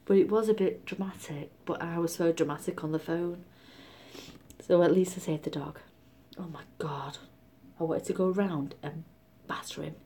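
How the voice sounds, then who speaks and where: A middle-aged woman from Britain telling a story in a casual vlog, chatty and animated, often dropping to a whisper. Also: lowish voice, moderate pace, slightly rough. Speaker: vlogger.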